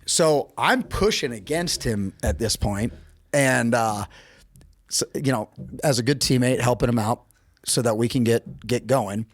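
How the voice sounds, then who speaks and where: In clean studio sound with no room echo, a middle-aged American guest on a podcast spins a casual tale a little slowly. When he quotes people, his voice jumps animatedly in pitch.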